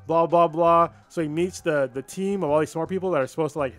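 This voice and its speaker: A man with a fairly high voice co-hosts a casual podcast and tells a story with loose, profane energy. He jumps into the characters' lines as he goes. Faint music sits in the background. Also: quick pace, a little mellow. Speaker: podcast co-host. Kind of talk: casual chat, retelling a story.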